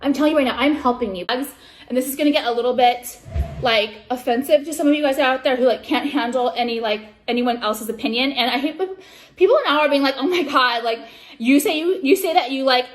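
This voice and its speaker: Combative, profane high-voiced woman vlogger. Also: a little fast. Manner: combative, profane, full of "like" fillers. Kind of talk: profane vlog rant.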